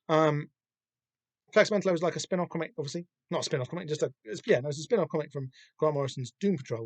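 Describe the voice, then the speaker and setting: A man's voice: fairly high pitch, dry recording. A man with a Southern English accent hosting a podcast, giving casual comic-book commentary in a rambling, sweary, self-deprecating way. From Southern England. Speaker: podcast host.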